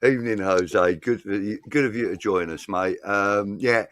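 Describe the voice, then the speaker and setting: A man's voice: lowish voice, a little slow, fairly bright tone, no echo. Laid-back man chatting football. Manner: rambling, laid-back, swears casually. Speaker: fan podcast co-host. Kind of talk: casual fan chat reading live comments.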